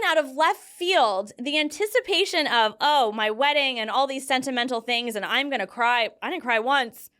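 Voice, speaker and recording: Her voice sits high and she speaks at normal speed with few pauses: a young adult woman, a guest, talking earnestly about grief in casual conversation. Her stories come out animated and emotional, with fillers.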